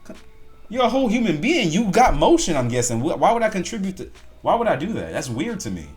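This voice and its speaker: A man rants through casual reaction commentary, his pitch leaping up and down as he rambles. He is blunt and swears freely. Faint music plays underneath. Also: wildly swooping pitch, fast talker, a little mellow. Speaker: reaction video host.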